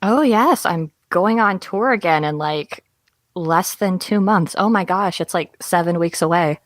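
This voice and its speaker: A young woman in her twenties chats as a guest, bubbly and quick to poke fun at herself. Her voice sits a little low for a woman. The recording is dry and close. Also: dry recording. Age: 20s. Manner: bubbly, self-deprecating, laughs easily. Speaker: voice actor guest. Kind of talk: casual interview chat.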